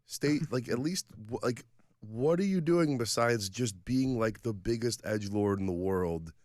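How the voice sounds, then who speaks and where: A man's voice: medium pitch, unhurried, darkish tone, no echo, studio quality. A man co-hosting a casual comedy podcast, laid-back and profane, acting out little scenes as he tells them. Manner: laid-back, swears freely, acts out exchanges. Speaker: podcast co-host.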